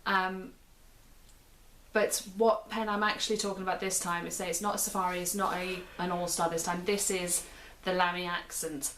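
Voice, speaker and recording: British lady doing a pen review, kinda low voice, chatty, repeats herself a lot. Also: level tone, normal speed, fairly bright tone, slight background noise. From United Kingdom. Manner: chatty, repeats and restarts phrases while describing. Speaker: pen reviewer and show host. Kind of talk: casual product review.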